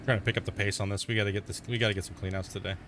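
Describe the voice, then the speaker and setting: A man's voice: lowish voice, little pitch movement, rapid-fire, a bit bright, a little hiss or hum. Laid-back man chatting over a game. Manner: laid-back slangy chatter, says dude and bro. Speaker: gaming streamer. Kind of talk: casual let's-play commentary.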